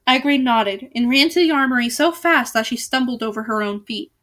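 A woman's voice: fairly high pitch, brisk, hardly any pauses, fairly bright tone. A woman reading a novel aloud in a casual way, with small slips and restarts. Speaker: reader.

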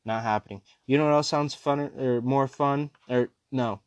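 A man's voice: mid-range voice, moderate pace, clear, resonant tone, dry recording. Rambling young man, dry close sound. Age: 20s. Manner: rambling, slangy, calls listeners dude and bro. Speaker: podcast host. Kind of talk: casual chat.

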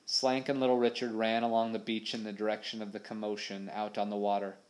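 A man's voice: fairly low pitch, monotone, fairly quick, a little mellow. Man narrating an adventure audiobook. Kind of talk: scripted narration.

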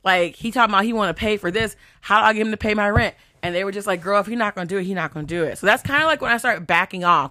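A woman with a mid-range voice hosts a podcast, chatting animatedly as she tells a story, reading text messages aloud and swearing freely. The recording is clean studio sound with no room noise.

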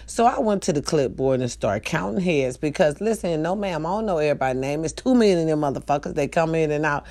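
Loud profane woman telling a story. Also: sits low, fast talker. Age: older. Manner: animated, profane, loud bursts. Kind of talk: comic storytelling monologue.

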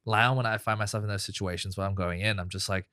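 A man's voice: on the low side, steady tone, quick pace, sharp tone, no room sound, clean studio sound. A man who works in telecommunications, speaking earnestly in casual chat and leaning on a lot of filler words. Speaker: podcast guest, telco worker.

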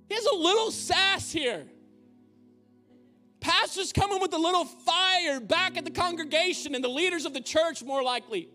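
A man's voice: very high-pitched, moderate pace, pushed and bright, soft background music. A male pastor preaching a sermon in a church, conversational, with humorous asides. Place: church auditorium.

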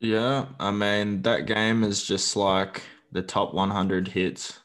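A man with a very low voice. He co-hosts a sports podcast and chimes in with dry, unhurried quips during a casual chat. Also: level tone, fairly bright tone. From Australia. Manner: dry, laid-back quips. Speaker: podcast co-host.

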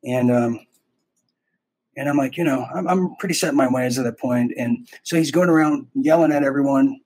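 A man with a somewhat husky voice hosts a podcast, telling a long personal story in a loose, rambling way. He often restarts his sentences and acts out short bits of dialogue. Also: medium pitch, moderate pace, darkish tone, rough recording. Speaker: podcast host. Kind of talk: casual storytelling.

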